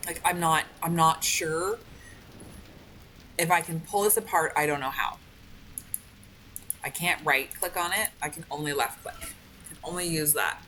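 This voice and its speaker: A woman's voice: low voice, measured pace, pauses often, bright, forceful tone, a little hiss or hum, rough recording. A woman streaming a game with casual commentary, frustrated and swearing, with many "like" fillers. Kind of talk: casual let's-play commentary.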